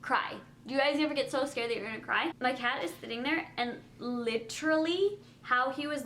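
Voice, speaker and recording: A woman's voice: high-pitched, brisk, a bit bright, a little hiss or hum. A young woman vlogging at home at night, talking casually to the camera with lots of fillers.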